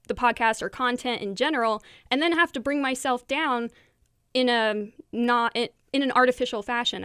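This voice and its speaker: Woman hosting a podcast, a bit high, candid and laughy, dry mic. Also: fairly bright tone, smooth, no room sound. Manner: candid, quick, laughs often. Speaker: podcast host. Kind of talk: casual chat.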